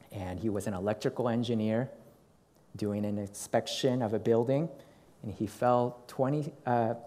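Man telling a story in a sermon. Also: lowish voice. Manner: animated storytelling with acted quotes.

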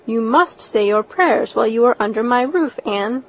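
Brief: a strict, stiff older woman who lectures, as a woman reader puts her on. Slightly high, muffled recording. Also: lively intonation, moderate pace. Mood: stern. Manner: stiff, admonishing. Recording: dull lo-fi recording.

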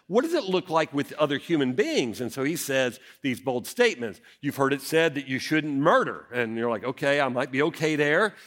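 A man, a senior pastor preaching a sermon, telling stories and acting out the quotes in them. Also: on the high side. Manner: animated storytelling, acts out quotes.

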